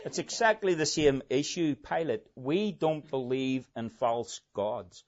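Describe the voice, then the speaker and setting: Male preacher delivering a dramatic sermon, loud emphasis then hushed asides, unhurried, muffled lo-fi sound. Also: fairly high pitch. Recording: dull lo-fi recording.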